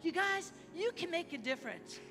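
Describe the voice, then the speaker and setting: A high-pitched American woman preaching to a congregation in a church hall with a long echo. She is animated and leads call-and-response. Music plays behind her. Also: normal speed. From United States. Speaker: guest missionary preacher. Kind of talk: sermon.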